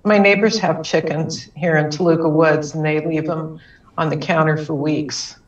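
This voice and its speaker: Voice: mid-range voice, fairly even intonation, normal speed. A participant chatting casually in a live class, matter-of-fact and informative. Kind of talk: casual chat. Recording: distant, roomy, dull sound.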